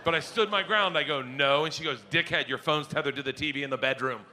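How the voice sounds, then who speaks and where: A man doing a stand-up comedy set, telling a story loudly and acting out the other people in it with shouted voices. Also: fairly high pitch, fast, background noise. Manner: loud, animated storytelling that jumps into shouted voices. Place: comedy club stage before an audience.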